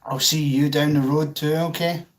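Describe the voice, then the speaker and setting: A man's voice: fairly high pitch, fairly even intonation, moderate pace. A man with a Scottish accent hosting a casual livestream, chatting with viewers in a self-mocking way and swearing freely. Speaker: livestream host. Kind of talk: casual chat reading out viewer comments.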